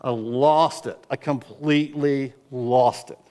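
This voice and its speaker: Speaking slowly at a medium pitch with a steady tone, a middle-aged man gives a sincere, story-based sermon as a pastor. At times he erupts into loud outbursts, reenacting his own cries.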